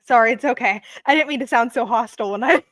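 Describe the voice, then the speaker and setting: A woman player chatting casually at a tabletop game, quick and apologetic. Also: a little high, fairly bright tone, no echo. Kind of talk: casual chat.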